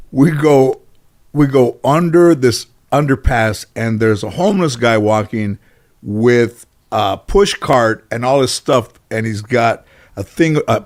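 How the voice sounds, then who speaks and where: A man in a casual interview, telling long anecdotes full of fillers and restarts, and acting out the people he quotes. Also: medium pitch. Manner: rambling, filler-heavy, animated when quoting others. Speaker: interview guest.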